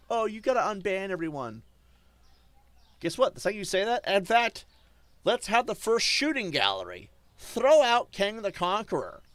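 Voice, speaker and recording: A male streamer ranting defiantly to his chat, swinging between loud outbursts and low muttering. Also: no echo. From German. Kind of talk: casual stream rant.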